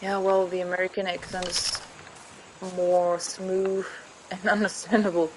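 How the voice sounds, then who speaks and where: Slow, rambling woman streamer chatting. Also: fairly low pitch, flat delivery, background noise. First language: not English. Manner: rambling, searching for words, self-correcting. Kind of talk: casual chat while gaming.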